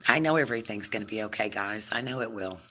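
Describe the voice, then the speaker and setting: A woman hosting a casual live stream, rambling and chatty, full of fillers and warm toward her viewers. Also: rumbling low, lively intonation, fast, a little hiss or hum.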